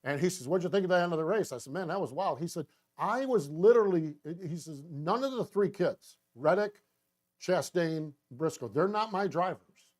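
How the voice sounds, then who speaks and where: A middle-aged man hosting a racing talk show, telling a rambling, enthusiastic story with many restarts and lively quoted voices. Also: a little high, normal speed. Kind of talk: casual storytelling monologue.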